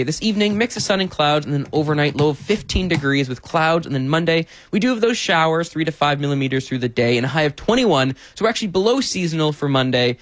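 A man's voice: a little high, no echo. A man giving a radio weather forecast as a meteorologist, in an upbeat delivery.

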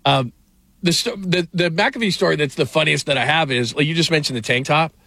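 Middle-aged male sports talk host, chatty storyteller, slightly raised pitch, dry close mic. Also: a little fast, sharp tone, no room sound. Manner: rambling storyteller, frequent fillers and restarts, laughs often.

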